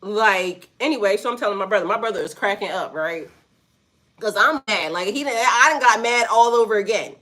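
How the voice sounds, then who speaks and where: A woman's voice: mid-range voice, a little fast, a bit bright. A woman with a mid-range voice tells a story in a casual vlog. She is blunt and profane. She keeps breaking off to speak straight to her viewers. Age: adult with a son. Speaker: spiritual vlogger.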